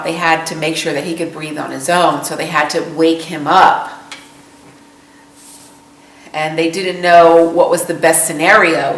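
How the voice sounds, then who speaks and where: A middle-aged woman, a veteran's mother, telling her story in a documentary interview in a somber, halting way. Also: low voice, fairly bright tone, echoey room, recorded from a distance, slight background noise, rough recording.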